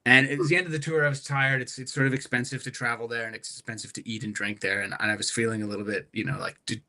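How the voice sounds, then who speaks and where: A man talking as a podcast guest, telling a rambling, animated story with many restarts. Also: medium pitch, fast talker. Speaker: guest musician.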